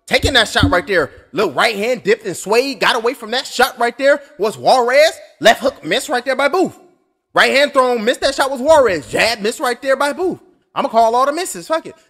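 A man in his thirties calling a fight punch by punch, his voice sitting high and lively. He is loud and excitable, swears freely, and drifts into joking asides between exchanges. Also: moderate pace. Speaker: boxing commentator. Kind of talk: live blow-by-blow commentary.

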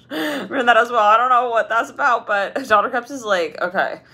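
A woman giving a casual tarot reading, rambling with many fillers and laughs, and acting out quoted voices with big jumps in pitch. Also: expressive, brisk, sharp tone, husky. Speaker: tarot reader.

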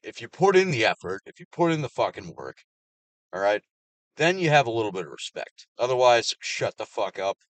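A man delivering an angry, heavily profane personal rant, swinging between loud outbursts and low mutters. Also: sing-song, brisk, no room sound. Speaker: vlogger.

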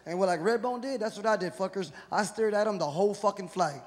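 A man's voice: high-pitched, fast talker. A male stand-up comedian from Houston, Texas, talking profanely and acting out voices on stage. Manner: profane, animated, acts out voices. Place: live comedy venue with audience. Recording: echoey hall with crowd noise.

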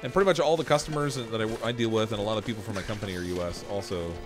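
A man's voice: fairly low pitch, racing, music in the background. A man from Southern Ontario with a light Canadian accent, chatting casually with his live chat as he plays. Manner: chatty, laughs often, jokes with chat. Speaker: gaming streamer.

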